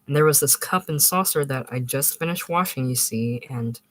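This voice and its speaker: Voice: medium pitch, normal speed, fairly bright tone, lightly acted. A reader voicing a proud, touchy husband recovering from illness, speaking with stiff dignity and defensive explanations in an audiobook. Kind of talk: audiobook reading.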